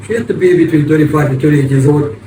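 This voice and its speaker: Here an older male vlogger from the U.S. tells a casual story, though he keeps stopping, restarting and drifting off track. His voice sits a bit high for a man, and the audio is echoey and remote since he's set back from the mic, with persistent hiss below.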